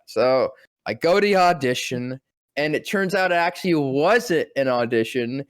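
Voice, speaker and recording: A young man tells a story with excitement, jumping into different voices as he quotes people. He swears casually, and his voice sounds dry and close to the mic. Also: medium pitch, measured pace, clean tone, dry recording. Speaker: voice actor guest. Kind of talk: animated storytelling interview.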